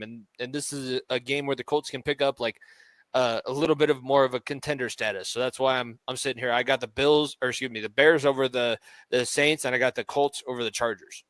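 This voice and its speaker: A man's voice: medium pitch, steady tone, fairly quick, a bit bright, no echo. A man co-hosting a casual sports podcast, often restarting his sentences. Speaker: podcast co-host.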